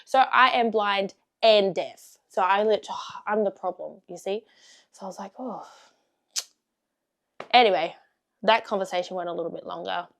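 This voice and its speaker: A young woman vlogging a casual storytime, blunt and sweary, laughing often and swinging from loud to hushed. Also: medium pitch, normal speed, creaky, long pauses.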